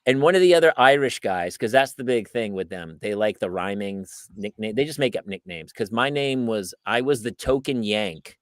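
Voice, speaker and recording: Animated American man spinning stories. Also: lowish voice, normal speed, hardly any pauses, no echo, studio quality. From United States. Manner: animated storyteller acting out quoted voices. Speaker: podcast co-host. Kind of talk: casual chat.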